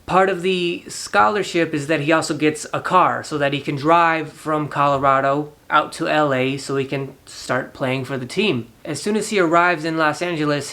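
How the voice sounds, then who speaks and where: Animated man retelling a movie. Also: on the high side. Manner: animated, laughs often, acts out quotes. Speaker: movie reviewer, channel host. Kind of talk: casual movie review retelling.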